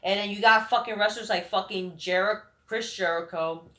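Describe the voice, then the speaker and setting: A man's voice: high-pitched, fairly even intonation, a little fast, sharp tone. A man hosting a vlog, delivering a rambling, heated, profane rant full of restarts. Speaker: vlog host. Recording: roomy echoing room.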